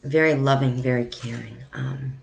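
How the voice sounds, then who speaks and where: A woman psychic medium giving a live-streamed reading in a soft, halting delivery with frequent pauses and ums. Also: a bass voice, fairly even intonation, creaky, rough recording.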